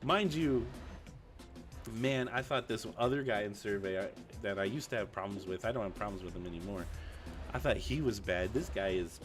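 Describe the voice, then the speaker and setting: A young man streaming, ranting casually and with plenty of swearing about a whiny coworker, often raising his pitch when he quotes people. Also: moderate pace, soft background music. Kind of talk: casual venting story.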